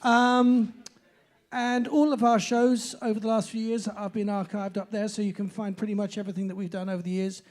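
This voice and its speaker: A man hosting a pub live music night, rambling and chatty between loud announcements. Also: high-pitched, little pitch movement, a little fast. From southern England.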